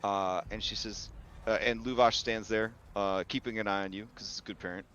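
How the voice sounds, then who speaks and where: A man's voice: on the low side, fairly even intonation, a little fast, a bit bright, clean tone. A man running a tabletop game as game master, narrating casually with many fillers. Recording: slightly muffled with faint hiss.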